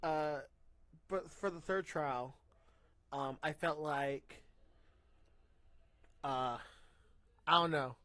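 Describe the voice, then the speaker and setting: Young male podcast host, bright tense higher voice, rambling rants with laughs, dry close mic. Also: extremely slow, long pauses, dry recording. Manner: rambling, excitable, ranting with laughs. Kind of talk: casual podcast chat. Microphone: mic through a soundboard.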